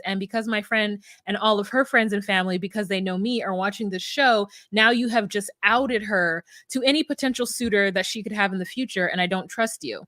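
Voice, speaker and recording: A woman co-hosting a podcast, chatting casually and breaking into mock voices when she quotes people. Her voice sits at a middle pitch, recorded close and dry with no room sound. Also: fairly quick, few pauses, a bit bright, no echo. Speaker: podcast co-host. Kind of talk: casual recap chat.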